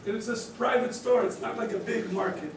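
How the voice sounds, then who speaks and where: A rabbi with a high, fairly quick voice teaches a group through story cases, animatedly acting out the characters' quoted lines. He quizzes his listeners with questions and chuckles. There's a little hiss or hum, and he sounds far off in a very echoey room.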